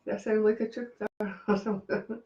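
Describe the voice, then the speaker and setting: A woman's voice: mid-range voice, level tone, fairly quick, mellow, echoey room, dull audio. A woman with a Scottish accent doing live psychic readings on a stream, chatting and laughing with viewers by name. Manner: chatty, laughs often, talks to commenters by name. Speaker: psychic medium.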